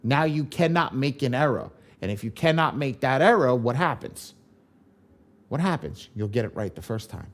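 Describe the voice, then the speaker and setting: A man's voice: medium pitch, animated, moderate pace. A man leading a live online training class on credit repair, emphatic, repeating his points and swearing casually.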